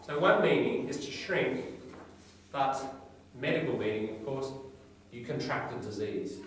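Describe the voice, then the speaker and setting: A man's voice: mid-range voice, animated, unhurried, far from the mic, slight background noise. Man teaching vocabulary in an echoey classroom. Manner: explains word by word, with tag questions. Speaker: English teacher.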